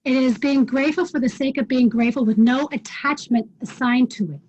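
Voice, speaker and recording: A woman's voice: sits high, brisk, a little mellow, slight background noise. A woman teaching an online wellness class, direct and challenging, checking in with the group with frequent questions. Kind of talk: live online class talk. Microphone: video call. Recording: dull lo-fi video call audio.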